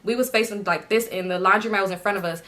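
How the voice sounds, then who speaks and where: Bright-voiced young woman telling a story. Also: medium pitch, fast. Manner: animated, laughing, slangy, addresses viewers as y'all. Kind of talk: casual storytelling to viewers.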